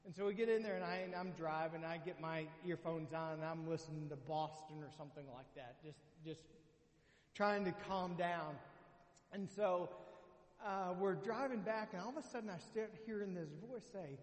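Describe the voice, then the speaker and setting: A man's voice: sits high, normal speed, roomy sound, big-room sound. A man preaching as a pastor, telling a story animatedly and acting out his own lines. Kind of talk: sermon with storytelling.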